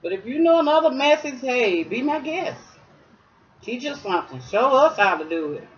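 A woman's voice: high-pitched, big pitch swings, normal speed. A woman chatting through a casual craft tutorial at home, talking straight to her viewers. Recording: slightly dull lo-fi sound.

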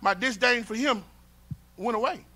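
A male pastor, preaching a sermon and moving from shouts and call-and-response to quiet, close talk. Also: very high voice, moderate pace. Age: 50s. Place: church sanctuary with congregation.

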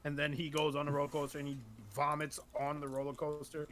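A man joking crudely and excitably with friends on a voice call. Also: on the high side, fast talker, slight background noise. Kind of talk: casual chat on a voice call.

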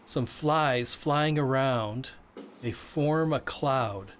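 A man voicing a signer's interview answers as interpreter, halting with frequent restarts and repeated words. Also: medium pitch, a little hiss or hum.

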